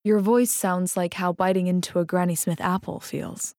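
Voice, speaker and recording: A woman's voice: lowish voice, fairly even intonation, moderate pace, a little mellow, no echo, clean studio sound, lightly acted. A woman voicing an odd, playful man who flirts in eager, teasing banter, read in an audiobook.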